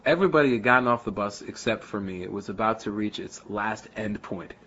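Chatty New York man, lowish voice. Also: a little fast, bright, forceful tone, lo-fi sound, a little hiss or hum. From New York City. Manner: chatty, rambling, anecdotal. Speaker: daycare worker. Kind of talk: casual personal storytelling.

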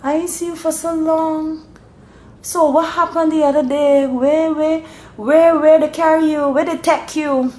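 A woman with a Barbadian accent voicing a concerned local who asks after someone in a high, sing-song, drawn-out dialect. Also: steady tone, warm tone. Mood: worried. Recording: roomy room, faint rumble.

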